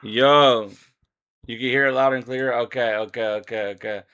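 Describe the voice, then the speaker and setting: A man hosting a casual livestream, talking loud with slangy, joking banter into a desk microphone. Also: mid-range voice, steady tone, normal speed, smooth, faint music behind. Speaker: livestream host. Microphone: desk microphone being adjusted.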